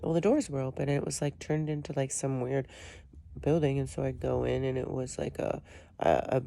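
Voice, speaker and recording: A woman's voice: very deep voice, fairly even intonation, a little fast, creaky, mellow, dry recording. A woman vlogger telling a long story in a casual, rambling way, with many restarts and fillers.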